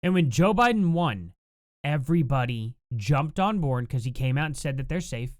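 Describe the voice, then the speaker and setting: A host delivers a sarcastic, animated commentary rant with laughing asides. The pitch leaps around a lot, and the sound is dry, coming from a plain computer mic at home. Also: normal speed, no echo. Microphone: home computer mic, no compressor.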